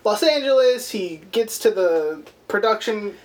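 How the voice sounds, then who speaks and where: A man's voice: high-pitched, expressive, a little slow, over a noisy crowd. Profane, rambling podcast co-host, a man. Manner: profane, rambling, acts out quotes. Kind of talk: casual movie recap chat.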